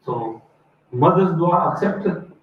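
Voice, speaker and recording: A high-voiced man gives a religious lesson as a story and acts out its characters as he goes. He is heard from a distance in a very echoey space, on a thin, phone-like recording. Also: expressive, slow. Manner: acts out the story's voices, mixes Urdu phrases into English. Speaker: religious teacher.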